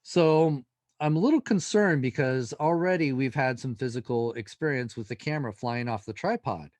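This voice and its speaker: Guesting on an interview, a man who investigates the paranormal tells a lively story, voicing the dialogue himself. He speaks in a mid-range voice at a moderate pace, with no room sound audible.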